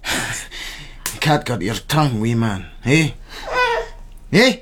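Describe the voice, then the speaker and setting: A crude, domineering Scottish soldier back from the war, sneering and bullying in a film drama. His voice sits at a middling pitch and carries scorn through everything he says. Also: lively intonation, slow pace, noisy background. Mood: contemptuous. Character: coarse, bullying soldier husband home on leave. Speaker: soldier home on leave.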